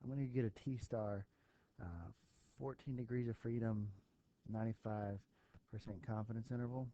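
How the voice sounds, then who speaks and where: A man's voice: medium pitch, steady tone, moderate pace, mellow, muffled recording, a little hiss or hum. A man teaching a recorded statistics lesson, thinking aloud with fillers as he works through an example for his students. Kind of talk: recorded math lesson walkthrough.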